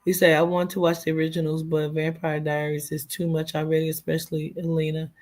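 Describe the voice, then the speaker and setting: A woman's voice: deep voice, completely flat delivery, a little fast, darkish tone. A woman hosting her own live stream, talking casually and drifting from one thought to the next. She swears freely and answers her viewers' chat comments as they come in. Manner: chatty and rambling, with frequent swearing and "child" asides. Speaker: livestream host.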